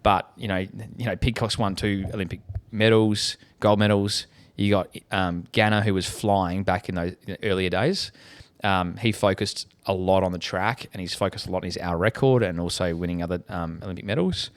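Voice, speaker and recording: A man's voice: sits low, moderate pace. An Australian man co-hosting a casual cycling podcast, chatty and rambling with fillers. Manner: relaxed, chatty, trails off with fillers. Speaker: podcast co-host. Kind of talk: casual chat.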